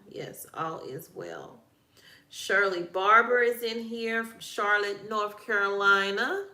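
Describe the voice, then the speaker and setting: A woman's voice: medium pitch, bright, forceful tone, echoey room. A woman with a Southern country accent, hosting a casual live-stream and chatting with viewers as she greets them one by one. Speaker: livestream host.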